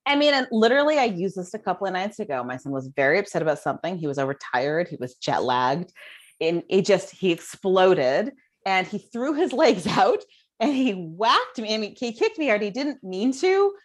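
A woman guest author telling stories about parenting in an animated, casual way. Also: medium pitch, normal speed. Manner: animated, lots of fillers. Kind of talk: casual storytelling chat.

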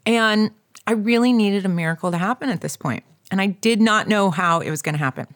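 A woman's voice: mid-range voice, brisk, no room sound, studio quality. A woman in her forties, co-hosting a podcast, telling a personal story in a chatty, emotional way full of fillers. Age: 40s. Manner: emotional, chatty, many likes. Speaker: podcast co-host.

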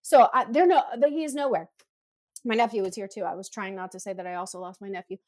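A woman's voice: medium pitch, quick pace, darkish tone, soft background music. A woman in her thirties, chatting casually and telling stories with animation, acting out her own screams and quotes. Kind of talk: casual chat.

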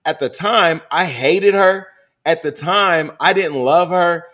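A man's voice: a little high, takes it slowly, a bit bright. A middle-aged man hosting a podcast, talking bluntly and with plenty of swearing in candid casual chat. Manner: blunt, profane, storytelling. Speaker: podcast host.

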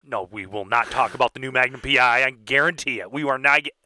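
A man's voice: mid-range voice, fast, sharp tone, a little hiss or hum. A man in casual podcast chat, joking and chiming in with asides. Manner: jokey, chimes in with asides. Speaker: podcast co-host.

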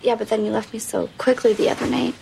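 A teasing seductress. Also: female voice, little pitch movement, fast talker, creaky, background noise. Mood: seductive. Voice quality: teasing, low-key seductive. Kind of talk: film dialogue.

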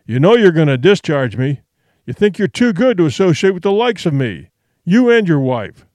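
A man voicing a resentful drunken ship captain who talks in a hoarse, snarling, accusing way. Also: fairly high pitch, lively intonation, normal speed, darkish tone, no echo, lightly acted. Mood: bitter, accusing.

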